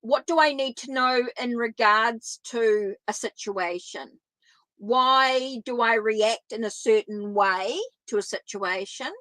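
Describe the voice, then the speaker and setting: Speaking slowly in a slightly high, sharp-toned voice, this Kiwi-accented tarot reader from New Zealand chats through live-stream readings, repeating herself and responding to viewers. The recording is low quality, with no room sound.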